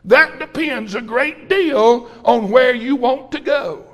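A man voicing a calm, riddling cat from a storybook. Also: very high voice, slow, exaggerated voice.

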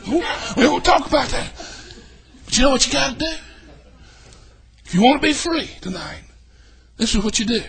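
High, husky preacher. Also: male voice, animated, normal speed, pauses often. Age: older. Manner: folksy, swings from shouting to hushed. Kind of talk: sermon. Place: church.

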